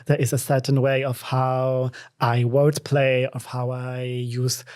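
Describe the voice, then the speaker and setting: A man's voice: medium pitch, little pitch movement, unhurried, darkish tone. A Polish man speaking English with a Polish accent, chatting expressively as an interview guest and laughing often. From Poland. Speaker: guest artist. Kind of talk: casual conversation.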